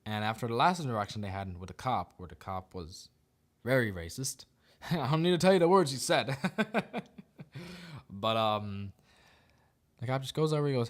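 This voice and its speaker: Animated, sarcastic male podcast host. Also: medium pitch, moderate pace, pauses often. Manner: animated, sarcastic, laughs often. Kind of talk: casual opinion commentary.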